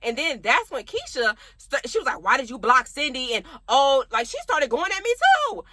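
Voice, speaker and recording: In a high, sing-song voice with a sharp tone, a young adult woman vlogger relates a story at a moderate pace. Chatty and quick to laugh, she speaks directly to the people watching.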